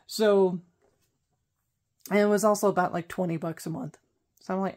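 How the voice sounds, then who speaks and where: A woman's voice: medium pitch, fairly even intonation, moderate pace, a little mellow. A woman vlogger in casual chat, rambling and correcting herself as she goes. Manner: rambling, self-correcting, chatty.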